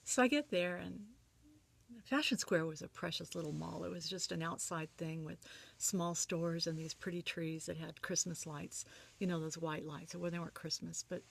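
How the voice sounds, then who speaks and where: A woman gently telling a personal family story, reminiscing in a soft, often breathy voice. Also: lowish voice, steady tone, normal speed, slight background noise.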